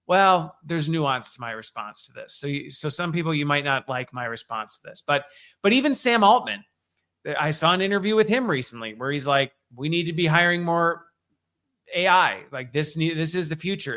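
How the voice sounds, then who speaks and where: A man's voice: on the high side, bright, forceful tone. A man hosting a weekly update show, talking casually and emphatically with frequent restarts. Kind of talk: casual solo commentary.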